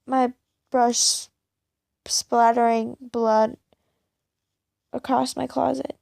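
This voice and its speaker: A woman reading a first-person fan fiction story aloud in a plain, unhurried way. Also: a little high, level tone, creaky, warm tone, dry recording.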